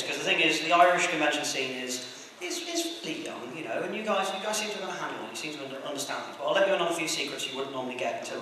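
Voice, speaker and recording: A young English man doing a crude, rambling stand-up comedy set on a convention stage, mocking himself and shouting to the crowd. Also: medium pitch. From England. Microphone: distant camera. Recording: echoey hall, taped from far off, noisy. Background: audience laughter.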